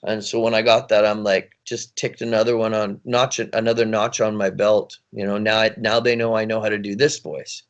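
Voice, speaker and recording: Animated, rambling man, voice actor guest. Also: fairly low pitch, moderate pace, hardly any pauses, muffled recording. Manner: animated, rambling, laughs often. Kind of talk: casual interview chat.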